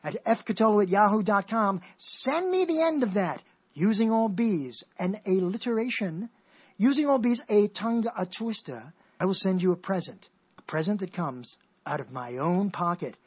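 A man's voice: high voice, animated, moderate pace, husky. A man hosting a comic radio show, riffing playfully and mock-dramatically on whatever comes to mind. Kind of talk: rambling comic radio talk. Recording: dull lo-fi radio recording.

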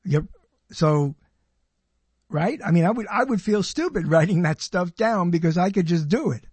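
Older male talk host, slightly high and husky, casual and searching, restarts often. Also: animated, moderate pace, a little mellow, no room sound. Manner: thinks aloud, restarts and hedges. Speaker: radio show host. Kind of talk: casual conversation.

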